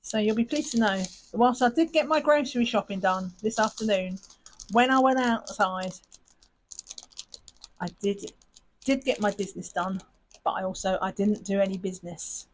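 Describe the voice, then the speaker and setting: A woman's voice: medium pitch, moderate pace, a little hiss or hum, rough recording. A woman hosting a crafting channel, chatting in a rambling, self-mocking way while she sorts her supplies. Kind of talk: casual chat while sorting craft supplies.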